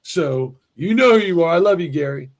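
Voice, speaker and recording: A man hosting a livestream in casual chat, talking excitably, swearing a lot and restarting his sentences. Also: on the high side, normal speed. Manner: profane and excitable, heavy restarts. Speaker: livestream host.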